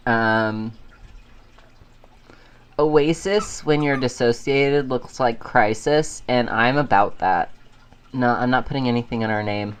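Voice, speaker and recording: A podcast host in an easygoing solo chat, drifting from thought to thought. The talk is unhurried, with a middle-range pitch. The host laughs often and trips over restarts. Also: smooth. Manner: frequent fillers and restarts.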